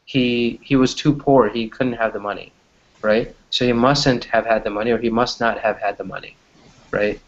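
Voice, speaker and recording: A man's voice: medium pitch, fairly even intonation, moderate pace. A man teaching an online English class, chatty and always checking in with "right?". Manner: chatty, keeps asking "right?". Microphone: video call. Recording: dull lo-fi video-call audio.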